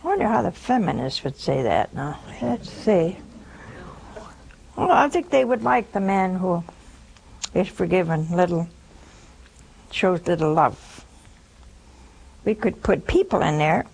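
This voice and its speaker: A woman's voice: lowish voice, lively intonation, measured pace, creaky, long pauses, a little mellow, slightly rough, poor audio. A woman preaching a broadcast sermon, telling folksy stories with a teasing edge.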